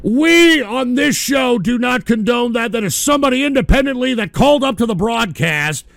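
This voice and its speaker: Radio host guy yelling and swearing, bright tense high voice. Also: animated, normal speed, gravelly, no room sound. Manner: shouting, cursing, exasperated. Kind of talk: comedic profane rant.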